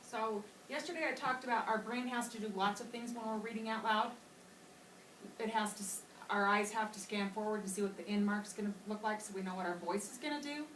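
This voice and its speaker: A woman's voice: mid-range voice, fairly quick. A woman teacher explains a reading lesson to young students in a patient, explanatory way, now and then acting out a line to show how it should sound. She is heard from a distance in an echoey classroom. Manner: patient, explanatory, models voices for children. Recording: echoey classroom from far off with loud noise.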